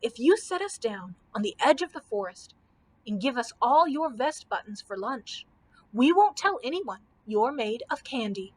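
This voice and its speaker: A woman's voice: on the high side, big pitch swings, moderate pace, husky. A woman playing a plucky storybook girl. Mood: eager. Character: plucky young girl, practical and quick-witted.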